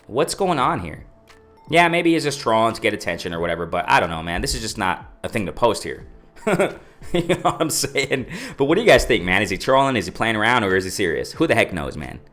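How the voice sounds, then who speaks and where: Animated, rambling male boxing vlogger. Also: lowish voice. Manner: animated, rambling, repeats himself with slang fillers. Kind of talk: casual opinion vlog.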